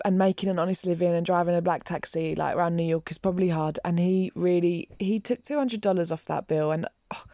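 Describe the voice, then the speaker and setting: Woman, vlogger, casual storytelling, emotional, rambling, low voice, dry room, muffled sound. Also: darkish tone, dry recording.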